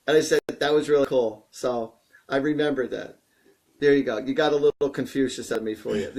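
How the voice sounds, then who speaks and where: A man hosting a live stream, answering viewer questions in a chatty, rambling, joking way that grows animated as he gets excited. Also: mid-range voice, a little fast. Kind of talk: casual live-stream talk.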